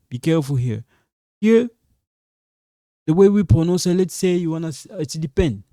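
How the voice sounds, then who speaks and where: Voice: medium pitch, animated, moderate pace, mellow, dry recording, clean studio sound. A French teacher giving a pronunciation lesson in non-native English, repeating sounds, checking in with "okay?" and warning the learners to be careful. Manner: warns students again and again to be careful.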